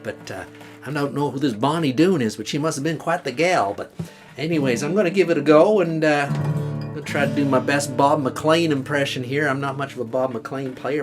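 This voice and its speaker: A man's voice: fairly high pitch, natural voice. A man playing a drawling country cousin. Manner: rambling, drawling, unsure and self-deprecating. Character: folksy Southern country cousin, easygoing man. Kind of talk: comic character monologue.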